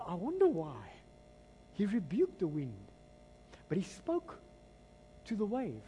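Man, pastor, South African accent, sermon, high voice, husky, call-and-response, echoing church hall. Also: slow, pauses often. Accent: South African English. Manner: animated, dramatic storytelling delivery. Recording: long hall reverb.

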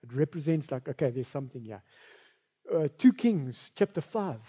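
A man's voice: fairly high pitch, animated, moderate pace, dark tone, slightly rough, long reverb tail. A male pastor, preaching a sermon in a conversational, rambling way with side remarks. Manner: conversational, rambling, with asides and filler.

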